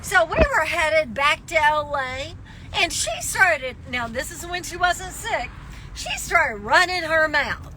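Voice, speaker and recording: A woman's voice: high voice, expressive, takes it slowly, background noise. A woman telling a dramatic story to her phone from inside a car, laughing often as she goes. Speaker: social media live streamer. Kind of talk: casual storytelling.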